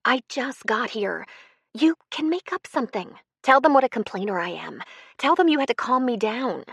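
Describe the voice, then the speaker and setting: A woman's voice: a little high, expressive, normal speed, gravelly, a bit bright, husky, no echo, voice pushed up, full character voice. A woman voicing a lovesick adult woman who pleads and complains in an audiobook. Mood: whiny. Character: infatuated whiny adult woman.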